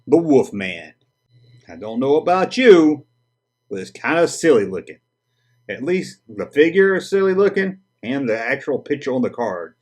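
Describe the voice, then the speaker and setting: A man's voice: mid-range voice, a little mellow, breathy edge. A man with a Southern US accent hosting a casual vintage toy review, chatty and full of corny jokes. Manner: jokey, corny puns, chatty.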